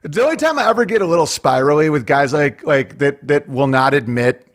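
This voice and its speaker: A man's voice: on the high side, lively intonation, a little fast. A man with a Central New York accent, a guest on a casual podcast, who talks animatedly, swears freely and mimics other people's voices while telling stories.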